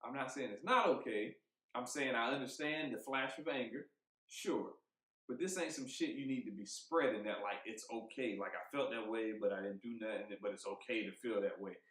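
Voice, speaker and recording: A man co-hosting a podcast, talking in a heated, emphatic way, swearing freely and thinking out loud with restarts. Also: mid-range voice, moderate pace. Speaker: podcast co-host. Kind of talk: casual podcast chat. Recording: roomy echo.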